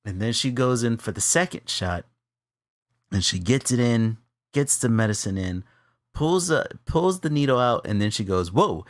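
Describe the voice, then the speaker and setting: With a mid-range voice and moderate pace, an art-stream co-host recounts a funny personal anecdote in casual conversation. Frequent laughter breaks in, and his voice shoots up at the story's exciting moments. The audio is dry and close, lacking any room sound.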